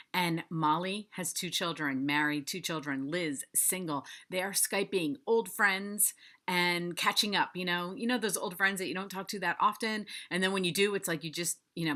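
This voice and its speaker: An enthusiastic woman reviews a favorite book in a casual vlog, speaking directly to her viewers. Her voice sits slightly low yet rings bright and forceful. She gushes, repeating her praise in quick bursts.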